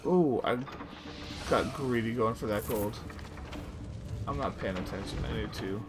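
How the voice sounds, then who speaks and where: A man's voice: fairly low pitch, measured pace, over music. Chatty young man commenting on gameplay. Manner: chatty, reacts aloud, reads game text. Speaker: gaming video host.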